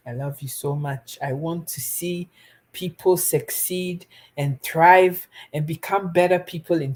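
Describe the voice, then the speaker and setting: Woman, Ghanaian accent, young adult, live stream host, casual advice, earnest and pleading, slow pace. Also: low-pitched, a little mellow. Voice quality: pleading, earnest, switches between Twi and English. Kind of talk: casual advice talk to viewers.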